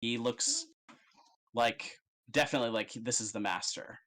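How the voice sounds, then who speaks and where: A man's voice: mid-range voice, moderate pace, bright, forceful tone, a little hiss or hum, poor audio. A man narrating as game master in a casual, rambling way with many fillers.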